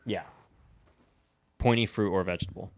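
Low-voiced man rambling through a recap. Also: steady tone, normal speed. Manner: rambling, profane plot recap with frequent fillers. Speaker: podcast host. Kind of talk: casual movie discussion.

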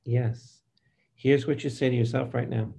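An older man, a priest, preaching a Bible study slowly and emphatically, speaking straight to his listeners and asking them for amens. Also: medium pitch, fairly even intonation, creaky, warm tone, husky. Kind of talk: preaching to a live group.

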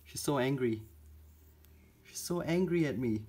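A man's voice: mid-range voice, animated, measured pace, long pauses, mellow, slightly rough. A man narrating a casual pet-keeping vlog, chatty and teasing his spiders as he feeds them. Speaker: reptile and spider keeper vlogger.

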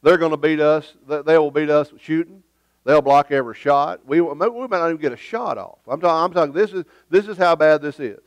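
A man's voice: on the high side, a little fast, dry recording, lo-fi sound. A man preaching a sermon as pastor in a church, emphatic and conversational, with joking asides. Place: church sanctuary.

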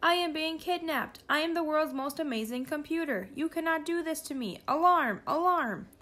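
A woman's voice: high voice, lively intonation, moderate pace, a bit bright, voice pushed up. A woman voicing a fussy, self-important male supercomputer in a storybook reading, speaking in a snooty, mechanical way. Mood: alarmed. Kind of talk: storybook read-aloud.

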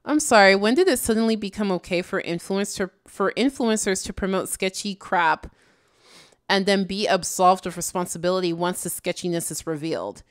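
A woman's voice: mid-range voice, moderate pace, clean tone, no room sound, clean studio sound. A woman giving casual, exasperated reaction commentary, slangy and tired late at night. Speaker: YouTube commentator.

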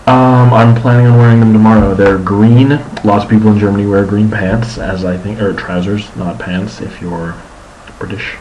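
Rambling young man's low-key video diary. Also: steady tone, normal speed, a little mellow, lo-fi sound, slight background noise. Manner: rambling, many ums and restarts. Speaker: student vlogger.

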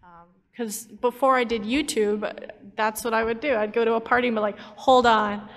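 A woman's voice: a little high, steady tone, moderate pace. A woman chatting casually on a convention panel as a YouTube storyteller. She is chatty and giggly, with many fillers and restarts. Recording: long hall reverb from a convention panel.

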